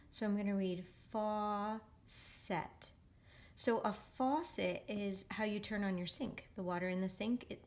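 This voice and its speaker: A woman teacher giving a phonics lesson to young children, slowly and carefully sounding out words. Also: medium pitch, darkish tone. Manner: slow, careful modeling of sounds.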